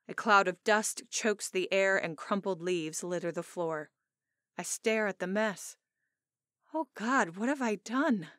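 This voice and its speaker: A woman narrating a first-person romance audiobook in an expressive, emotional way, on a close studio mic. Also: on the low side, no room sound.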